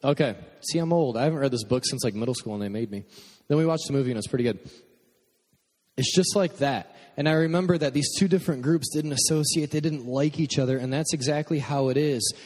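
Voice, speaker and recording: A young man from Michigan preaches to his congregation, chatting and cracking jokes as he goes. His voice sits at an ordinary male pitch and carries a long reverberant tail from the hall around him. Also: quick pace, darkish tone. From Michigan, USA. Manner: conversational, jokey asides to the congregation. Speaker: pastor. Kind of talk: sermon.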